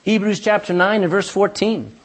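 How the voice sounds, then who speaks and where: A man's voice: sits high, normal speed. A pastor preaching a sermon in church, folksy and emphatic, talking straight to his congregation.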